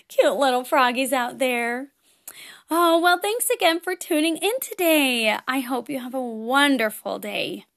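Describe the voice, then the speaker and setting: High, slow, bright-voiced children's host woman. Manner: playful, giggly, gently encouraging. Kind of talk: talking to young children.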